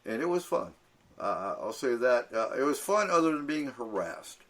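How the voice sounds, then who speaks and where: Man, radio host, casual storytelling, mid-pitched voice, acts out quotes, frequent fillers. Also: big pitch swings, moderate pace, fairly bright tone. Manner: laughs often, frequent fillers. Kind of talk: casual chat.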